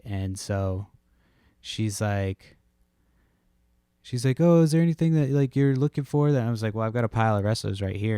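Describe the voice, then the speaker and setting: Podcast host, male, low voice, dry close sound, rambling and profane, casual at-home delivery. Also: darkish tone, no room sound. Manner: rambling, profane, laid-back storytelling.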